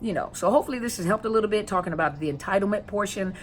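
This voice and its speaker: A woman's voice: mid-range voice, racing, slight background noise. A woman counselor giving a casual educational talk to viewers, conversational, with many rhetorical questions and repeated phrases. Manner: stalls with fillers while searching for words. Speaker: counselor and coach on narcissistic abuse.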